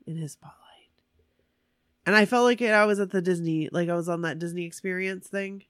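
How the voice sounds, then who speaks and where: A woman's voice: fairly low pitch, quick pace, smooth, no echo. Gushing chatty woman, dry sound. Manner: animated, gushing fan storytelling. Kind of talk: casual chat.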